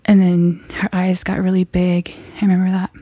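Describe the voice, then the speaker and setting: A young woman from the Navajo Nation telling a true scary story from her own life. She halts and restarts as she builds suspense, and often drops to a hushed whisper at the tense moments. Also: fairly low pitch, monotone, normal speed, breathy edge. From Navajo Nation, US Southwest. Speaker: guest storyteller.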